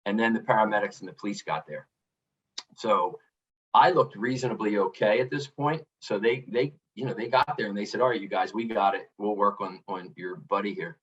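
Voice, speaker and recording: A man's voice: lowish voice, brisk, distant mic, lo-fi sound. A middle-aged man, a podcast guest, telling a personal story earnestly and reflectively, often restarting with "you know". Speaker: podcast guest, author and coach. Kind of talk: candid storytelling interview.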